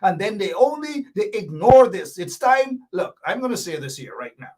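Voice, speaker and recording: Man, high voice, commentary show host, emphatic, repetitive, sarcastic, slightly distant mic. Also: very animated, moderate pace, a little mellow. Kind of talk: animated political commentary show.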